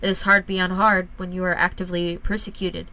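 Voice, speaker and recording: A woman voicing a stern middle-aged father who speaks gravely and deliberately, lecturing his son. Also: fairly low pitch, level tone, sharp tone, low-quality recording.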